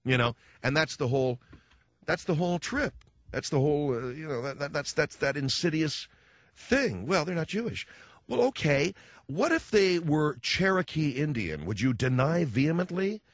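A man's voice: on the high side, moderate pace, no echo. A man hosting a talk radio show, blunt and sarcastic, acting out other people's voices as he goes. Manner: animated, acts out quoted voices. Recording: dull dry studio sound.

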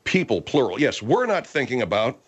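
A man's voice: mid-range voice, very animated, breathy edge. Exasperated man hosting a radio show. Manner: exasperated, bossy, quick to laugh. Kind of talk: comedy radio talk.

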